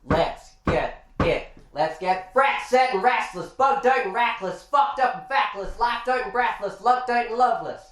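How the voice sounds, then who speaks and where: A man from Ireland performing spoken-word poetry and deadpan jokes at a live bar gig, with rapid rhyming delivery. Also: high voice, far from the mic. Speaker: poet and comedian. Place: bar function room. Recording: echoey live room.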